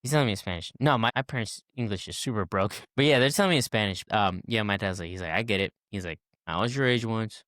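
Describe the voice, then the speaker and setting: A man's voice: lowish voice, fast talker, hardly any pauses, a bit bright, no echo, studio quality. A man in his twenties, a podcast guest, telling a casual story and acting out the people in it with many fillers and restarts.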